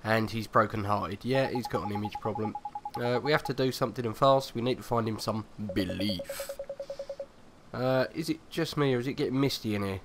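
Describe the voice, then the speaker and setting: A man's voice: on the low side, normal speed. A man casually commenting on a game he is playing, joking dryly with filler words. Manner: wry, joking asides with fillers. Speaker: let's play host. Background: game music.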